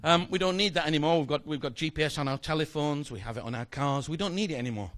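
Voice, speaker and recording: A man's voice: fairly high pitch, fast talker, a bit bright, no echo. A middle-aged man doing playful, joking stage patter as a magician, chatting with a volunteer from the audience. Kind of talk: live comedy magic patter.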